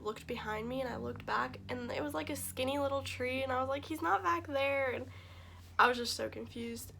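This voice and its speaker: A woman's voice: on the high side, gravelly, a bit bright. A young woman vlogger telling a personal story to camera in a casual, gushing way, tearful and full of fillers. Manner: gushing, emotional, many fillers.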